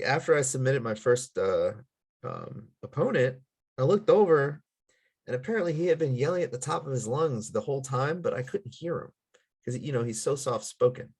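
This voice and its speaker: A man with a husky, slightly breathy voice chats casually on a podcast among friends. He tells stories in a laid-back way with light humor, at an ordinary middle pitch. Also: lively intonation, moderate pace, a little mellow. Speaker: podcast co-host. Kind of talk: casual chat.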